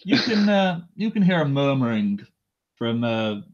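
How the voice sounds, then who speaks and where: A man narrating a tabletop game as dungeon master, stumbling over fillers and joking at his own expense. His voice is mid-pitched. The sound is dull and lo-fi. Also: big pitch swings, unhurried. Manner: hesitant, self-deprecating, many fillers. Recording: dull lo-fi recording.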